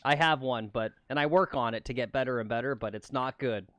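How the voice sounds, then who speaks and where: A man's voice: mid-range voice, brisk, a bit bright. A man co-hosting a golf livestream outdoors on the course, chatting casually and laughing often.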